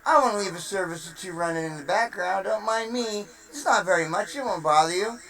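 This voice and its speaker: A streamer voicing software as an offhand, falsely reassuring character, a bit off-mic. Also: medium pitch, brisk, recorded from a distance, lightly acted, poor audio. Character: casual sneaky software persona.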